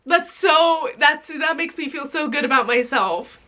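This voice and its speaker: A woman's voice: sits high, animated, normal speed, bright, forceful tone. A young woman venting straight to camera, bitterly sarcastic and swearing, her voice sometimes breaking. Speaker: vlogger. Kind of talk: emotional direct-to-camera rant.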